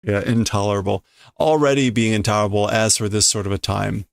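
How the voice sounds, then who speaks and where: A man's voice: fairly low pitch, fairly even intonation, fairly quick, vocal fry, dry recording, clean studio sound. A man casually reading a manga aloud on a live stream, sounding out Japanese lines and translating them with amused chuckles.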